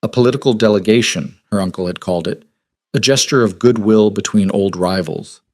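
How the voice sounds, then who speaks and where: A man narrating a historical romance audiobook in an even, measured storytelling manner. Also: on the low side, dry recording, studio quality.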